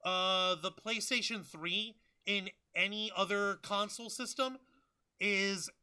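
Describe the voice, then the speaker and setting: A man hosting a podcast in casual chat, excitable and profane, with lots of fillers. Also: sits high, slow pace, clean tone. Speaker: podcast host.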